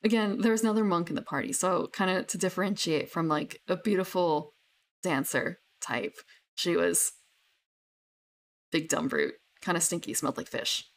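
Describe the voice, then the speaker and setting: A woman's voice: on the low side, moderate pace. A young woman chatting casually about her tabletop characters, rambling with many fillers and restarts. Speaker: tabletop gamer. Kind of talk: casual chat.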